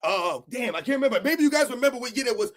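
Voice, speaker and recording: Middle-aged male sports ranter, very high voice, rambling and excitable, casual solo host delivery. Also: rapid-fire. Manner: rambling, excitable, peppered with "man" and "like I said".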